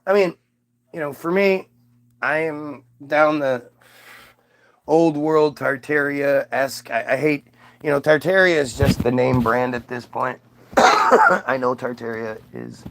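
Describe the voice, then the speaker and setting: A man's voice: mid-range voice, slow, pauses often, a bit bright, a little hiss or hum. A man from the United States hosting a casual livestream, reading chat aloud in a rambling, profane, self-mocking way.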